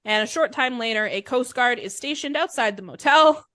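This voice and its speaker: Bright, irreverent woman podcast host. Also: a little high, expressive, moderate pace, no room sound, studio quality. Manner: chatty and irreverent, swears freely. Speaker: podcast host telling a crime story. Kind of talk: casual comedic storytelling.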